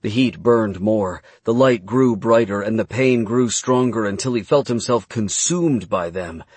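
A man narrating a fantasy novel as an audiobook, reading in a measured, dramatic way. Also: on the low side, a little mellow, slightly rough, dry recording.

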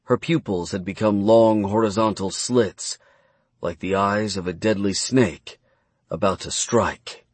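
A man narrating a fantasy novel as an audiobook, reading in a measured, dramatic way. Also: lowish voice, steady tone, dry recording.

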